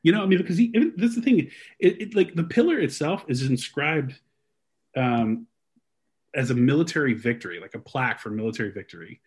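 A young man hosting a casual podcast, walking his co-host through research in an animated, rambling way full of fillers. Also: mid-range voice, a little fast, breathy edge. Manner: animated storyteller, frequent fillers and restarts.

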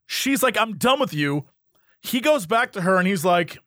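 A man co-hosting a podcast in casual chat, animated, acting out quotes in different voices. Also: high voice, moderate pace, dry recording, studio quality. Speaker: podcast co-host.

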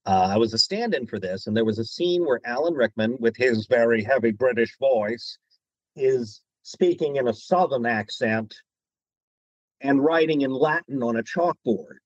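Guest voice actor, male, husky, animated storyteller; dry, lo-fi sound. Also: mid-range voice, normal speed, hardly any pauses, no echo. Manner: animated, drops into quoted voices. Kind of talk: interview storytelling.

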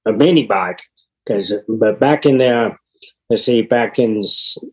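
A man's voice: lowish voice, darkish tone, poor audio. Easygoing Texan man in his sixties. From Texas. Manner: easygoing, halting with fillers and restarts. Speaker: guest, retired motorcycle racer. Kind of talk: casual interview chat.

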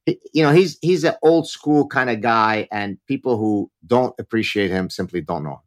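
A man's voice: medium pitch, lively intonation, moderate pace. Joking male professor telling stories. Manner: joking, wry storyteller. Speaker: guest, professor. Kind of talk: casual interview chat.

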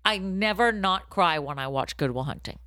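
A woman from Boston co-hosting a comedy podcast, trading wisecracks and deadpan asides, with bursts of loud laughter. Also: on the low side, normal speed, no room sound, clean studio sound. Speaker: podcast co-host. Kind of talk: comedic casual chat.

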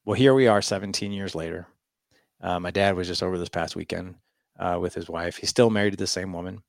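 Low gravelly man telling a story. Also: fairly quick, dry recording, studio quality. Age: 40s. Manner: animated, acts out quoted dialogue. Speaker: podcast guest. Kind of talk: casual storytelling.

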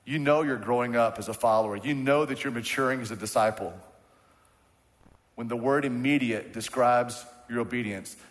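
A man's voice: mid-range voice, moderate pace. A man preaching a sermon as pastor, leading the congregation in call-and-response and hammering his points with repetition. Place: church sanctuary. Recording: church hall with long reverb.

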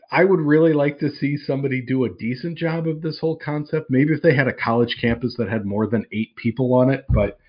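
Dude on a movie podcast, dry jokey delivery, kinda dull lo-fi sound. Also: male voice, mid-range voice. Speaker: movie review podcast co-host. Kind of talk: casual spoken movie review.

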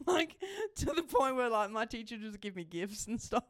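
A young woman with a high, very lively voice, chatting as a podcast co-host. She tells stories excitably and breaks into laughter often. The sound is dry and close. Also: unhurried, dry recording. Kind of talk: casual chat.

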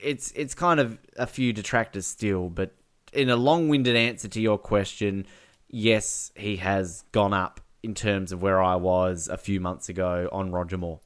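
A man's voice: deep voice, steady tone, unhurried, smooth. A man co-hosting a podcast in casual chat, rambling and laughing often. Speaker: podcast co-host.

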